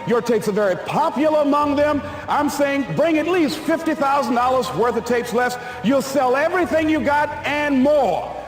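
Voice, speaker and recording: A man's voice: very high-pitched, moderate pace, hardly any pauses. A man quoting an insistent businesswoman. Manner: emphatic, insistent. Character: brisk businesswoman booking a speaker. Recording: echoey hall, live talk.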